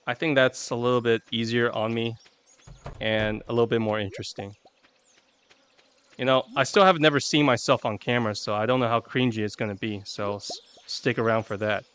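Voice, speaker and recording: Talking to viewers over a desk mic while he plays a video game, this man rambles chattily and runs himself down in good fun. He has a mid-range, fairly bright voice with a clean tone.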